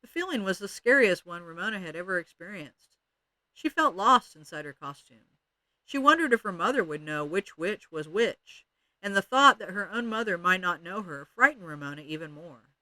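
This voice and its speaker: Bright-voiced man reading a storybook. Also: high voice, moderate pace, dry recording. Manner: expressive. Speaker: reader of children's book. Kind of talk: read-aloud storytelling.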